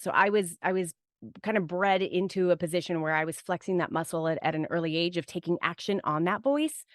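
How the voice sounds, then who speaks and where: Fairly quick and lowish in voice, a woman speaks as a podcast guest in a rambling, reflective, casual way, with restarts and lots of "like" and "right?". There's no room sound, and the studio audio is clean.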